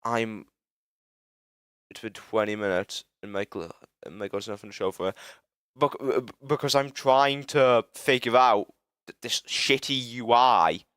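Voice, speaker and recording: Streaming live from Britain, this young man has a mid-range, fairly bright, smooth voice captured in studio quality with no room sound. He talks casually to his audience as he struggles with a building tool, rambling, interrupting himself, cursing, and losing patience fast.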